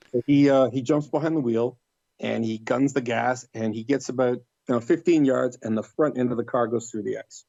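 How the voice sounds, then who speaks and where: At a moderate pace and medium pitch, a creaky-voiced middle-aged man tells a casual story as a podcast guest. He's animated, giving other people's quoted words livelier voices. There's no room sound, and the recording is muffled.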